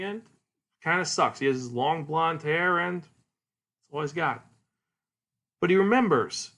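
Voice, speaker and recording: A man hosting a podcast, retelling a comic's plot in a casual, animated way and acting out its characters. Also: fairly high pitch. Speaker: podcast host. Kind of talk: casual solo manga review.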